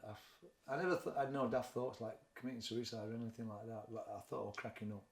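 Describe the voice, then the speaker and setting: A man's voice: medium pitch, fairly even intonation, fairly quick, gravelly. A middle-aged man with a Sheffield Yorkshire accent, a boxing trainer telling his story frankly and reflectively in an interview. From Sheffield, England. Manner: frank, reflective, plain-spoken. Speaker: boxing trainer and former fighter. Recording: echoey room.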